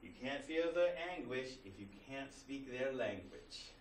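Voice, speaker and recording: A male college instructor talks through his lecture in a loose, conversational way, tossing rhetorical questions at the class. His voice sits at an ordinary middle pitch. The recording picks him up from across an echoey classroom, with faint room noise behind him. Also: animated, a little slow. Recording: roomy classroom recording from a distance.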